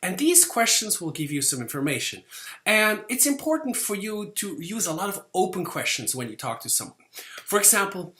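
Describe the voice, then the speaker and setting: A man teaches a sales class in a conversational way, often stopping to check in with his listeners. His voice is bright and moves a lot in pitch. The room gives it a clear echo. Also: moderate pace. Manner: lively, conversational, acts out quoted lines, frequent "okay?" checks. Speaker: sales instructor. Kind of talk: lecture.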